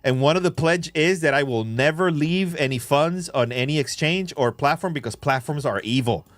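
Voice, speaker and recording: A man hosting a crypto livestream, talking excitably and swearing as he gives rapid shout-outs to viewers, recorded on a phone. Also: fairly high pitch, no room sound, soft background music. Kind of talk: casual livestream chat.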